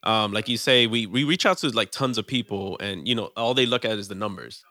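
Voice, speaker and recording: A man's voice: lowish voice, animated, brisk, bright, forceful tone. A man hosting a podcast, easygoing and affirming as he thanks his guest. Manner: easygoing, lots of affirming backchannels. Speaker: podcast host. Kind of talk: casual podcast chat.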